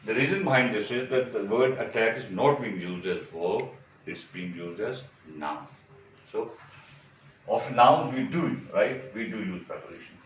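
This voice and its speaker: Male teacher, lowish voice, explains patiently with rhetorical check-ins, distant mic in a hollow echoey room. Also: expressive, measured pace, highs cut off, slight background noise. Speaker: English teacher. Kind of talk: exam-prep grammar lecture.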